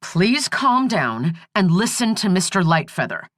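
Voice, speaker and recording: A woman's voice: on the low side, big pitch swings, a little slow, dry recording, clean studio sound. A woman voicing a worried woman who pleads anxiously with her jailed brother. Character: worried woman, the prisoner's sister.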